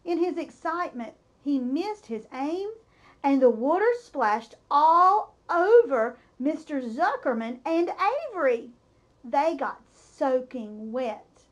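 A woman reading a children's chapter book aloud in a high, bright voice. She takes her time, letting each sentence land with expressive, unhurried storytelling. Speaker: storybook reader.

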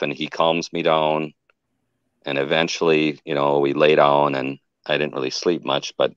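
A man's voice: extremely low pitch, a bit bright, dry recording, lo-fi sound. A man telling his own encounter story in a casual, rambling way, often stopping to correct himself. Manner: rambling, restarts and self-corrections.

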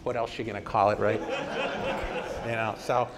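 A man in his sixties giving a conference talk and telling lively anecdotes. He acts out old conversations as he goes. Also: lowish voice, quick pace, crowd noise. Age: 60s. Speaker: conference speaker. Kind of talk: presentation talk with storytelling. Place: hall at a vintage computer festival. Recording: long hall reverb.

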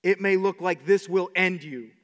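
A man preaching a sermon to his congregation, animated, with many repeated words and quick asides. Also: high-pitched, long reverb tail. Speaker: pastor.

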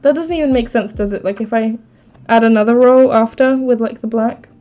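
A woman with a fairly high voice chats casually on a live stream, thinking aloud and talking back to her viewers. The audio is a bit dull, with soft music playing underneath. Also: fairly quick. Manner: chatty, thinks aloud, answers chat. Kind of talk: casual live-stream chat while crafting.

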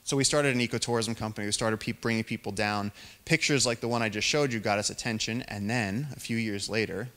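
Animated young man telling a wild story. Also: lowish voice, fast talker. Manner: animated storyteller, acts out quoted voices, rising excitement. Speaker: featured speaker. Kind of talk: live storytelling talk to an audience.

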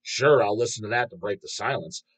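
A middle-aged man hosting a podcast, ranting casually in a profane, opinionated and animated way. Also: lowish voice, fairly quick, slightly rough. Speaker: podcast host. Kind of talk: casual rant.

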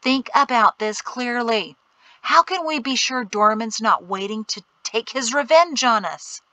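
A man's voice: very high voice, lively intonation, a little slow, bright, forceful tone, no room sound, pitched above the performer's own voice, heavily acted, poor audio. A woman reading aloud voices an anxious, suspicious young man who pleads and hisses urgently. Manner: urgent, pleading, then hissing in whispers.

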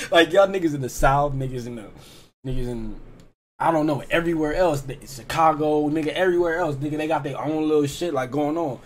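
A man's voice: on the high side, brisk, a little hiss or hum. A man giving casual, rambling commentary on a rap track, with a Californian accent and lots of slang and filler. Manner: rambling, slangy, repeats "like" and "you know what I'm saying". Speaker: reaction host. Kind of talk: casual music reaction commentary.

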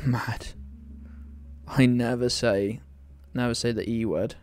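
A man's voice: mid-range voice, steady tone, slow pace, darkish tone. A young British man streaming a game live, teasing his chat with playful indignation and mock outrage. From United Kingdom.

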